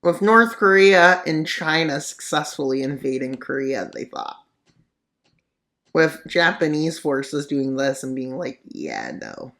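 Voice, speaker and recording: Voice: mid-range voice, sharp tone. A mapping video narrator giving casual commentary on a war scenario, full of sarcastic, rambling asides.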